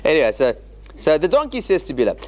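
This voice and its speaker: A man teaching a Torah study class as a rabbi, explaining scripture in an animated way with joking asides. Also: a little high, fast talker. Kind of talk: informal Bible lecture.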